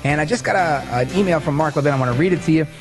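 A man hosting a political talk show in an energetic, sarcastic and playful way. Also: fairly high pitch, very fast, over music. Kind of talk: talk radio/podcast monologue.

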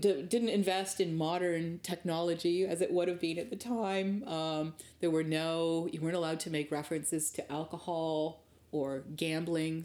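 A woman's voice: low voice, a little mellow. A middle-aged woman from rural Ontario, Canada, recounting her early career in a candid, thoughtful interview. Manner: candid, thoughtful, with frequent restarts. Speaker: guest. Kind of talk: reflective interview storytelling.

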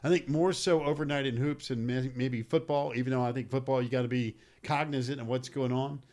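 A man's voice: mid-range voice, fairly even intonation, a little fast, a little mellow. A man in his fifties co-hosting a sports talk show, giving blunt, emphatic opinions. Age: 50s. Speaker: sports radio co-host.

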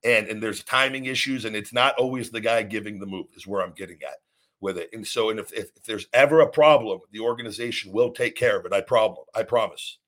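This podcast host has a somewhat low, fairly bright voice and talks fairly quickly. His rant on his own show is blunt and full of swearing, and he often restarts sentences and says things over again.

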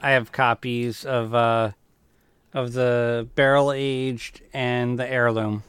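A man's voice: mid-range voice, little pitch movement, slow pace, a bit bright, clean tone, dry recording. A man chatting on a casual podcast, hesitant and full of fillers. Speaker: podcast co-host. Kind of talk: casual chat.

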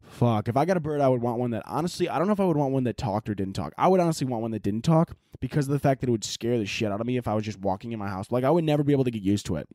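A man's voice: medium pitch, animated, racing, few pauses, mellow, no echo, clean studio sound. Profane rambling young man podcasting. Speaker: podcast host. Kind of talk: casual solo podcast chat.

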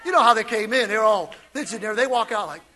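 A man preaching an energetic, playful sermon in a church, calling out to the congregation and laughing along with it. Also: high-pitched, fast talker, noisy background. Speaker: pastor.

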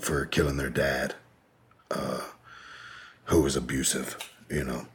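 A man's voice: rumbling low, flat delivery, slow, breathy edge. A man telling a long personal story as an interview guest, candid and rambling, with frequent profanity and fillers.

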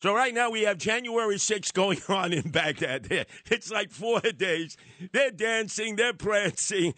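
A man's voice: high-pitched, a little slow, dry recording. Sarcastic New talk radio man. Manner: animated, sarcastic, slips into mocking voices. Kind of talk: opinionated radio monologue.

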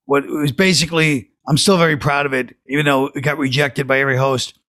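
A man's voice: medium pitch, steady tone, fast talker, a bit bright, dry recording. A man, a guest comedian, telling rambling anecdotes in a dry way. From Brooklyn, New York. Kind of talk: casual chat, storytelling.

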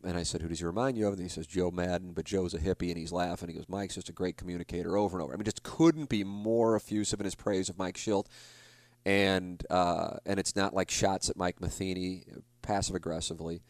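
A man's voice: sits low, steady tone, fairly quick, no echo. Man in his forties telling a rambling story. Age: 40s. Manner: rambling storyteller, self-deprecating, frequent restarts. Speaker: podcast host. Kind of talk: casual monologue.

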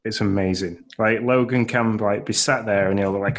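Podcast guest, man, thirties, low voice, cheerful storyteller who laughs a lot. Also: moderate pace, few pauses, slight background noise. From United Kingdom. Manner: cheerful, laughs often, lively when telling anecdotes. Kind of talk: casual chat.

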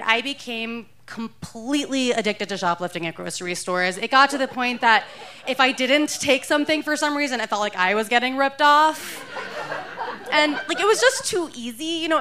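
A woman's voice: a little high, pushed and bright. A woman in her thirties telling a true story live on a theater stage into a stage microphone, wry and self-mocking, often laughing as she talks.

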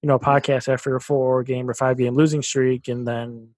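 A man co-hosting a casual sports podcast, chatty and quick to laugh. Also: mid-range voice, little pitch movement, darkish tone, dry recording. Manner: laughs often, chatty with filler words. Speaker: podcast co-host.

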